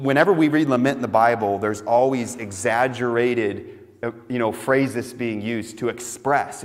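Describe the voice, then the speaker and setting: A pastor preaching a sermon in an earnest, emphatic way, repeating phrases to build his point. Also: mid-range voice. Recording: long hall reverb.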